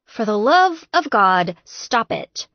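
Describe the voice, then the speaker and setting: A woman narrator voicing a bossy, exasperated woman friend who talks briskly and scolds in a raised voice. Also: on the high side, very animated, dry recording, lo-fi sound, exaggerated voice.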